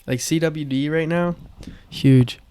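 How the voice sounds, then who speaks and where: A man's voice: on the high side, steady tone, takes it slowly, warm tone, clear, resonant tone. A man as a podcast guest in casual chat, laid-back and laughing along.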